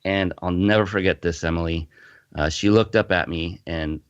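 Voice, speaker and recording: A podcast guest who runs a fitness company tells an animated personal story in a casual interview, restarting often. His deep voice is clear and resonant at normal speed. The recording is muffled and lo-fi, completely dry with no room sound.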